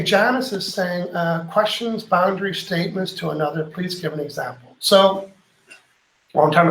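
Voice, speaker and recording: A middle-aged man hosting a live show, reading viewer comments and telling stories in an animated way, acting out the lines he quotes. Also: fairly high pitch, vocal fry, reverberant, low-quality recording. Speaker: host.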